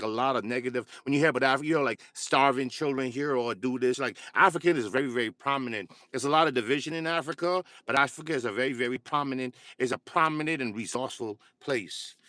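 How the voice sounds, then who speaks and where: A man hosting a casual livestream, talking in halting starts with many fillers and repeated words. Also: mid-range voice, bright, forceful tone, no echo. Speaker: livestream host.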